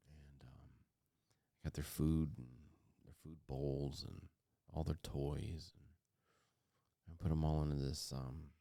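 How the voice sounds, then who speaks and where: Very deep, gravelly-voiced man telling his story. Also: level tone, warm tone, no room sound, studio quality. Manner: halting, many fillers and restarts, earnest. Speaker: podcast co-host. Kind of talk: personal storytelling.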